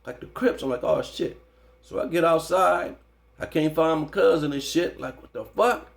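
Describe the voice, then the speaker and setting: A man's voice: fairly high pitch, moderate pace, creaky. A man telling a story in an interview, in casual, slangy, profane speech, often adding "you know what I'm saying.". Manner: animated when recounting the fight. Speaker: interview guest.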